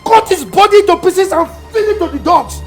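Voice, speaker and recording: Menacing Nigerian dad, hot temper, echoey distant film audio with music. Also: male voice, very high-pitched, lively intonation, normal speed. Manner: threatening, blustering. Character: menacing rich father, violent temper. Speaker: angry father.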